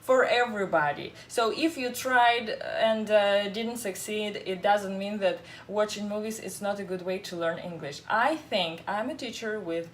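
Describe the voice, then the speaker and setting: A woman's voice: mid-range voice, normal speed, hardly any pauses, slight background noise. A woman English teacher, chatting casually, laughing often and using many fillers. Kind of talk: casual chat.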